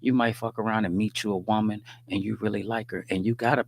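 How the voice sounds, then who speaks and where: A man with a lowish voice hosts a livestream and talks faith in an easy, conversational way. He mixes street slang with sermon-like points and keeps checking that his listeners are following. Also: fairly even intonation, fast, gravelly. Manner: conversational and preachy, often asks "you dig what I'm saying"; streetwise slang, joking asides with laughter. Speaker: livestream host. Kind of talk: casual faith-based livestream talk. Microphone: livestream microphone.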